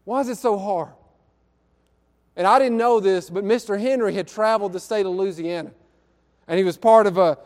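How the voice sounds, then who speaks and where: A man preaching a sermon, telling a story in an earnest way and drawing out key words slowly. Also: sits high, a little mellow, in a large hall. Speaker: pastor. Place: church sanctuary.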